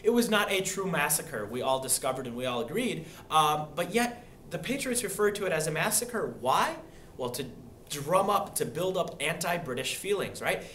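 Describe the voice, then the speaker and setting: A man's voice: a little high, expressive, normal speed, fairly bright tone. A young man teaching a history lesson, casually talking through a study guide with lots of ums and rhetorical questions. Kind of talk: classroom lecture walkthrough of a study guide. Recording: echoey room with faint hiss.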